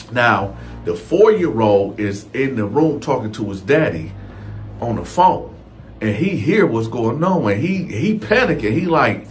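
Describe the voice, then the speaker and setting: A man with a medium-pitched, expressive voice tells a prison story at an unhurried pace, with slight background noise. His storytime style is casual and slangy, and he talks straight to his listeners, calling them y'all.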